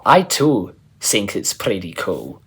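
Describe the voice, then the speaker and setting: A man's voice: fairly low pitch, wildly swooping pitch, slow, husky, heavily acted. A man voicing a friendly, polite teenage boy with a put-on German accent in a storybook reading. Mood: eager.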